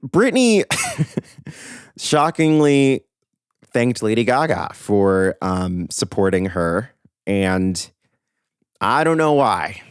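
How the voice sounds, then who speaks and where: A young man hosting a podcast, giving animated, opinionated commentary on pop music news with emphatic asides. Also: on the low side, clear, resonant tone, dry recording, clean studio sound. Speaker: podcast host.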